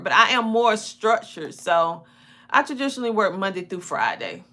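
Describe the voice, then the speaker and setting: A woman's voice: mid-range voice, very animated, normal speed, sharp tone. A woman with a Southern US country twang, chatting folksily about homeschooling on a talk show. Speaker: homeschooling parent guest. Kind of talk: casual talk show chat.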